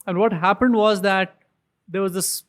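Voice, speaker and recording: A man's voice: sits high, steady tone, normal speed, fairly bright tone. Chatty man telling stories. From India. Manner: rambling, with many "um", "I mean" and "you know". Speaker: podcast guest. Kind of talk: casual storytelling interview.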